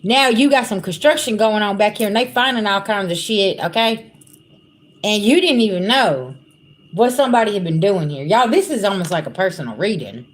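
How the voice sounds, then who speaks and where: A woman runs a loose, unscripted spiritual reading on a livestream. She talks bluntly, swears freely and addresses her viewers directly, and her voice sits at a middling pitch. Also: expressive, a little fast. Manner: blunt, profane, talks straight to viewers as "y'all". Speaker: spiritual reader.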